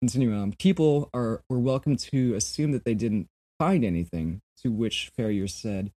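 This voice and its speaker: A man's voice: medium pitch, normal speed, mellow. A man co-hosting a podcast, reading from sources in a casual chat, laughing often and swearing now and then. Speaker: podcast co-host.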